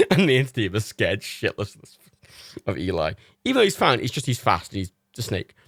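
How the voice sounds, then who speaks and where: A young man hosting a livestream, telling rambling anecdotes in casual chat, animated and full of swearing. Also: fairly low pitch, a little fast, gravelly, slightly rough, no echo, clean studio sound. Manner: animated storytelling with swearing and quoted voices. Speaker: livestream host.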